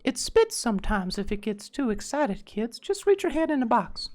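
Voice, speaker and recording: A man putting on a creepy male children's magician in a high falsetto, coaxing and drawn out. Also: sing-song, normal speed.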